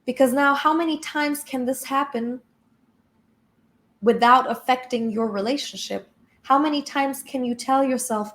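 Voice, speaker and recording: A woman's voice: sits high, measured pace, a bit bright. A woman spiritual coach giving an emphatic, blunt motivational talk with casual swearing.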